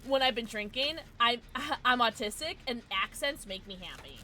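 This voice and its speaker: A tipsy woman livestreaming a game, chatting casually with her viewers, giggling and breaking into loud squeals and shouts. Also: on the high side, lively intonation, normal speed, a little hiss or hum. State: tipsy from drinking. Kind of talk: casual livestream chat while gaming.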